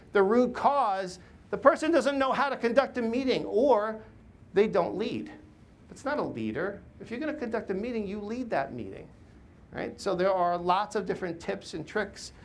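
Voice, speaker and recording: A middle-aged man, a podcast host and workplace coach, tells stories in an emphatic, animated way, full of fillers and tag questions. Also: high voice, a little hiss or hum. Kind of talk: podcast intro and recorded workshop talk.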